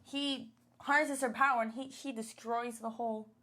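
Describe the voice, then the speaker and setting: Woman podcast co-host, bright-ish register, rambling fan chat full of "like" and laughs. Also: fairly high pitch, steady tone, normal speed. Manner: chatty, many fillers and laughs. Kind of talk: casual chat reviewing a show.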